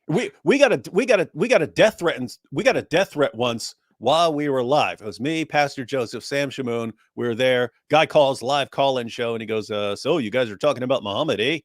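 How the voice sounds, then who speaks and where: A man co-hosting a reaction show, chatting casually and rambling through jokey stories. His voice is mid-pitched and the sound is dry and close. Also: animated, moderate pace, hardly any pauses, no room sound. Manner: rambling, jokey, many fillers and restarts. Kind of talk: casual chat.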